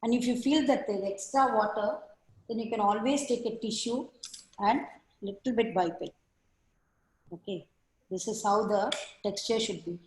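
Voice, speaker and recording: Over an echoey video call, a woman with a mid-range voice teaches an online art class at a normal speed. She gives patient, step-by-step instructions.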